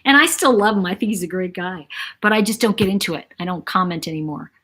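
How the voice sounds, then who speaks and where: Chatty, breathy woman host. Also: lowish voice, fast talker. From New York City. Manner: chatty, animated, reads viewer comments aloud. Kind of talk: casual live-stream chat.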